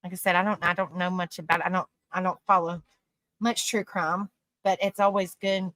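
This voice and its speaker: A woman's voice: on the low side, little pitch movement, a little fast, a bit bright, no echo. A woman hosting a casual livestream, reading viewers' comments aloud, laughing often and rambling through restarts, calling people honey and sweetie. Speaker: live stream host.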